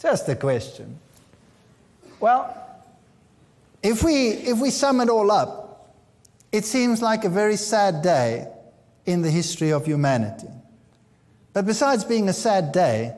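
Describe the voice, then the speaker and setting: High-voiced preacher man in echoey hall. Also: sing-song, slow pace, pauses often, darkish tone. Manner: reads scripture aloud with dramatic emphasis. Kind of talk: sermon.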